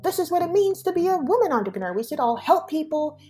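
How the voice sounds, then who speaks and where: A woman imitating an angry, preachy woman entrepreneur in a shrill, scolding voice. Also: sing-song, quick pace, mellow, soft background music. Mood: indignant.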